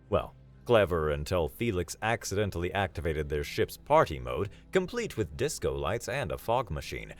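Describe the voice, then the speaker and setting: A man narrating a comedic sci-fi story in a wry, deadpan way. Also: sits low.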